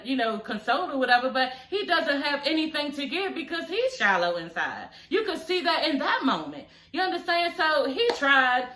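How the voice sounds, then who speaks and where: Blunt, laughing woman in an echoey room. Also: high voice. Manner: blunt, profane, animated and laughing, with repeated "you know what I'm saying". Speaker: reality TV recap host. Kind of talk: casual reaction commentary.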